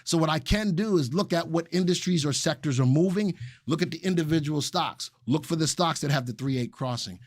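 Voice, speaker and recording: A man hosting a live stock analysis webinar, excited and repeating phrases for emphasis while he talks to chat viewers. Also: a little high, brisk, dry recording, studio quality. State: excited and sweating. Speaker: stock market webinar host.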